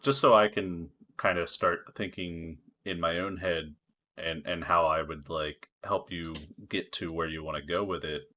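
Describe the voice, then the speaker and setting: A man's voice: sits low, steady tone, a little slow, pushed and bright. A man co-hosting a podcast, talking in a helpful, hesitant casual chat with fillers. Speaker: podcast co-host.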